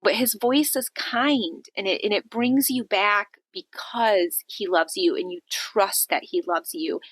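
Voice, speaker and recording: A woman hosting a devotional podcast, talking earnestly and conversationally about faith, with lively shifts when she quotes others. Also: mid-range voice, measured pace, breathy edge, no echo. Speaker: podcast host.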